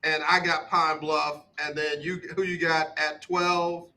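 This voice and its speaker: A man hosting a casual sports talk radio show, quizzing his guest in a brisk, repetitive rhythm. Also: on the high side, flat delivery, sharp tone, low-quality recording.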